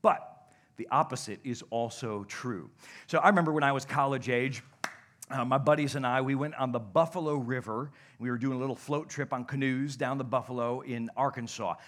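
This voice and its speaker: A young adult male pastor preaching a sermon, telling stories animatedly and dropping to a hush at points. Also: mid-range voice, fairly quick. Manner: animated, shouts and laughs in stories, drops to a hush. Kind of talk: sermon with storytelling. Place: church sanctuary.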